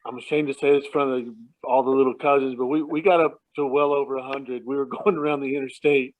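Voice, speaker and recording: Over a tinny phone line at home at night, a man with a mid-range voice and level tone talks fast. A relative sharing memories at a family remembrance, he casually tells family stories, rambling, chuckling often and restarting his sentences.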